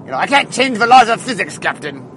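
Man doing a hedging starship engineer, attempted Scottish accent, high, swooping, road noise. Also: big pitch swings, fast, a bit bright, poor audio. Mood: worried. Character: fretting male starship engineer, cautious.

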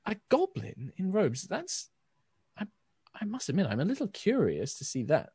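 A man voicing the soul of a brother bound in a sword in a tabletop game, gentle and courteous. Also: high-pitched, wildly swooping pitch, normal speed, slightly rough, dry recording, studio quality, voice pushed up, heavily acted. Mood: curious. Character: male soul bound in a sword, polite and curious.

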